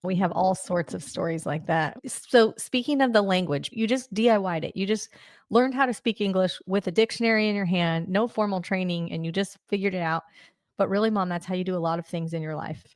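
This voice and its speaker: A woman's voice: fairly low pitch, a little fast, no room sound, clean studio sound. A woman in her forties hosting a podcast, asking upbeat questions and prompting her guest to tell stories. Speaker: podcast host. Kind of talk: casual podcast interview.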